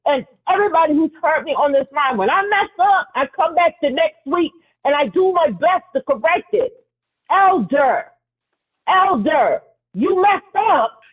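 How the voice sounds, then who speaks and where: A woman's voice: high voice, lively intonation, a little slow. A woman co-hosting a call-in show, speaking earnestly and emphatically, often repeating herself. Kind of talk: heated call-in talk. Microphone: phone call. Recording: tinny phone line, far from mic.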